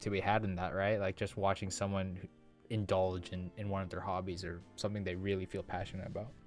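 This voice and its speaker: A man's voice: low-pitched, flat delivery, brisk, faint music behind. A man reading a dating visual novel aloud, breaking off for playful, joking asides. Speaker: let's player.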